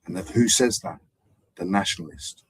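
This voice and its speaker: A man drifts through a meandering live-stream monologue, circling back and repeating himself. His voice sits low and has a husky edge. The sound is dry and close. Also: moderate pace, no room sound, poor audio. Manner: digressive, hesitant, repeats himself. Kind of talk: rambling casual monologue.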